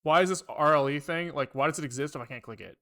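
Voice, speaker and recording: A man's voice: a little high, quick pace, a bit bright. A man streaming live as he codes, thinking aloud in a rambling, profane way with wry asides to his chat. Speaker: programming livestreamer. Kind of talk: casual live coding talk.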